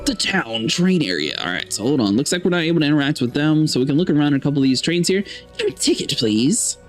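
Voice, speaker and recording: Male game host, casual let's play commentary, expressive voice, soft background music. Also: on the high side, fast talker. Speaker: gaming channel host.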